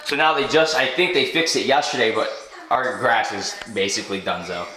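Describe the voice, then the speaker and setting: A man's voice: medium pitch, a little fast. A young man vlogging a casual house tour, joking and rambling, talking through retainers. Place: inside a house. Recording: echoey rooms, faint noise.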